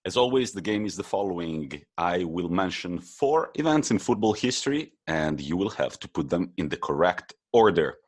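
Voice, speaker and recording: A man's voice: sits low, sing-song, moderate pace, hardly any pauses, slightly rough. A man with an Italian accent co-hosting a casual football podcast, teasing his co-host as he runs a quiz. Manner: playful, quizmaster teasing.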